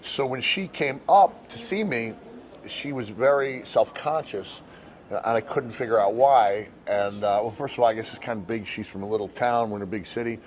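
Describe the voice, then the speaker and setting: An older American man, a guest chatting casually and telling relaxed stories outdoors. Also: mid-range voice, moderate pace, slight background noise. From United States. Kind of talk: casual chat.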